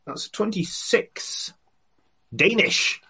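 A man playing a tabletop game, speaking in a wry, hesitant way with many ums and pauses. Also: sits high, lively intonation, bright, forceful tone, husky. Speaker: player. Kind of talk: casual tabletop game chat.

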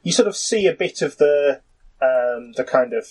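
A man narrating a tabletop game as game master, halting and full of "you know", with restarts. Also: mid-range voice, expressive, darkish tone, husky, rough recording.

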